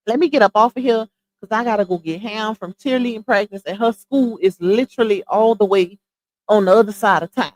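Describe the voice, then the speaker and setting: A young adult woman hosting a casual livestream, talking bluntly in slangy gossip about online drama. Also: fairly high pitch. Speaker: livestream host.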